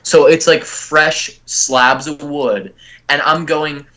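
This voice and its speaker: A man's voice: on the high side, steady tone, takes it slowly, bright, forceful tone. A young man from California, a guest on a comedy podcast, rambling and swearing as he acts out what happened to him. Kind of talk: casual comedic storytelling.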